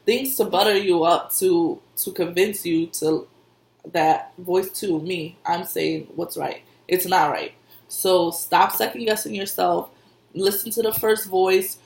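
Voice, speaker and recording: A woman working as an intuitive reader and medium gives casual spiritual advice conversationally, often repeating herself and laughing. Her voice is medium in pitch, and the room is echoey.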